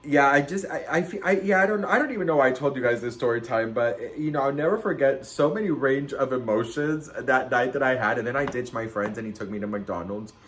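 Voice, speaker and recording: A man vlogging a storytime, dramatic and animated, with big jumps in pitch and loudness and a sassy, campy manner. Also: a little fast, hardly any pauses, slight background noise. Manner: campy, sassy, says "girl" and "okay" a lot. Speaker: celebrity gossip vlogger. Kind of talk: casual storytime chat.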